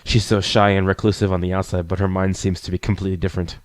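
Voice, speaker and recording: A man reading a visual novel aloud as a let's player, adding quick asides between the narration. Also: deep voice, level tone, dry recording.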